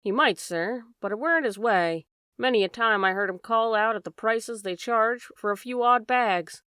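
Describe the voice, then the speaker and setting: A woman's voice: on the high side, normal speed, fairly bright tone, clean tone, dry recording, clean studio sound, lightly acted. A woman voicing an anxious, chatty boatman's wife, in an audiobook. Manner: homely, dropped endings, worried run-on talk.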